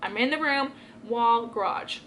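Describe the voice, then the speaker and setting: A woman's voice: a little high, a little slow, fairly bright tone, slight background noise. A young woman telling a personal story to her own camera in a casual vlog, rambling and emotional, with lots of filler words. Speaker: vlogger. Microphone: camera she films herself with.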